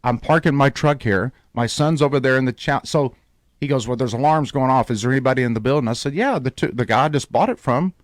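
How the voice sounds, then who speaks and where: A man's voice: medium pitch, fast talker, no room sound, clean studio sound. A man hosting a radio show, telling a long story in casual talk and acting out the voices of the people in it. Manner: animated storyteller, acts out quoted voices.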